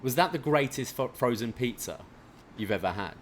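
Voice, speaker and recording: A man's voice: mid-range voice, animated, normal speed, a little hiss or hum. Easygoing London man co-hosting a podcast. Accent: Northwest London English. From England. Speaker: podcast co-host. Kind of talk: casual chat.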